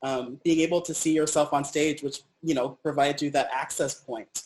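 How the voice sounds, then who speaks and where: A man hosts a panel discussion in a friendly, encouraging way. His voice sits a little above the usual range for a man, and he calmly steers the conversation to the next question. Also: a little high, moderate pace, a little hiss or hum, poor audio. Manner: encouraging, gently thanks the speakers. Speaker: panel moderator.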